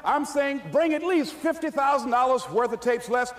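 A man's voice: very high-pitched, normal speed. A man voicing a confident, encouraging businesswoman who books speakers. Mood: assuring. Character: businesslike woman booking speakers.

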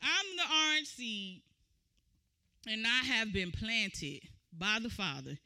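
A woman preaching a sermon, moving from conversational teaching to loud, shouted exhortation. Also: a little high, animated, takes it slowly, clear, resonant tone.

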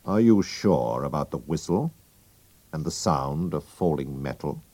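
A man reading a storybook aloud, voicing a calm, thoughtful detective in a measured, grave way. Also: very deep voice, breathy edge, dry recording, voice pushed down, full character voice.

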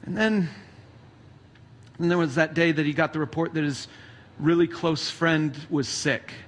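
Animated high-voiced male pastor. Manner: casual, animated retelling with acted quotes. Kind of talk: sermon storytelling.

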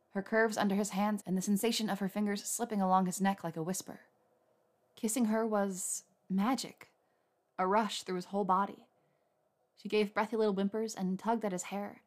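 A woman narrating a romance story aloud in a soft, unhurried reading voice. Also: medium pitch. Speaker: audiobook narrator.

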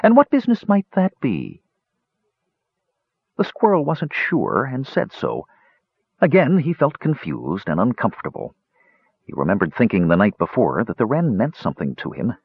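A man reading a fantasy story aloud in an expressive storytelling manner. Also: lowish voice, normal speed, husky, no echo. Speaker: audiobook narrator. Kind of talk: scripted fantasy narration. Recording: slightly dull lo-fi recording.

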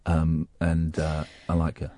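A man's voice: extremely low pitch, monotone, a little slow, mellow, no echo, clean studio sound. A man hosting a late-night radio phone-in, chatty and rambling with many restarts. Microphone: studio microphone.

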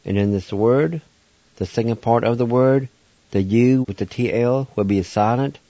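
A man's voice: mid-range voice, normal speed, dark tone, no room sound, lo-fi sound. A man giving a radio language lesson, patiently spelling words out syllable by syllable and pronouncing them. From Oklahoma, United States. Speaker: language teacher.

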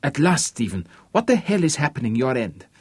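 A man's voice: mid-range voice, very animated, fairly quick, breathy edge, no echo, voice pushed up. A man voicing an exasperated gallery owner who scolds his friend.

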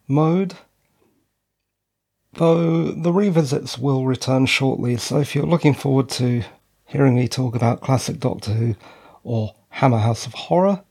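His voice is mid-range and dark with a breathy edge. He's a middle-aged podcast host doing a casual solo show, winded and weary, wandering along with jokes at his own expense while holding a dynamic microphone.

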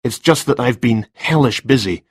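A man's voice: mid-range voice, lively intonation, normal speed, breathy edge, no room sound, clean studio sound. A man reading a story, voicing a flustered, distracted male writer who talks hesitantly.

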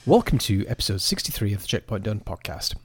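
A man's voice: lowish voice, big pitch swings, quick pace. A man hosting a casual chat podcast, teasing his co-host with dry banter.

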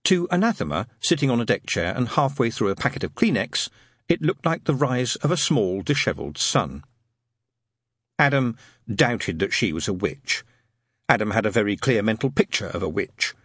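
Husky, expressive male audiobook narrator. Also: medium pitch, dry recording, studio quality. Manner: expressive, wry storytelling with many character voices.

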